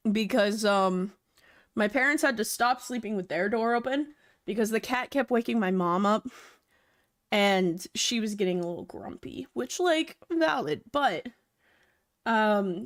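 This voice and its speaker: A young woman live-streaming, chatting loosely with her viewers, rambling and swearing casually into a desk mic. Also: a little high.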